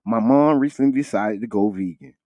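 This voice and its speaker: A man co-hosting a morning radio talk show, with casual, animated banter. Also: fairly quick, no echo, lo-fi sound. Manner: animated, jumps high when joking, laughs often. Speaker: radio co-host.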